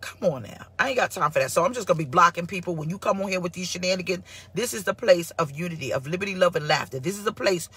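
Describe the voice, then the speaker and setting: A woman pastor giving a casual live-streamed sermon, sassy and animated as she answers her online viewers. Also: lowish voice, fast, few pauses, slightly rough. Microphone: phone or computer mic for live stream.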